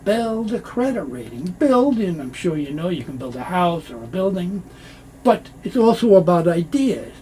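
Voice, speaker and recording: A man teaching English pronunciation, explaining slowly and repeating phrases to show how they sound. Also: high-pitched, big pitch swings, dark tone, slight background noise. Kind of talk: pronunciation lesson.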